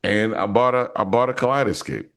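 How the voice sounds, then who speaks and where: A man's voice: on the low side, expressive, fairly quick, vocal fry, fairly bright tone, clean tone. A man co-hosting a casual movie podcast, telling a story in a loose, rambling way with many restarts. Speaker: podcast co-host.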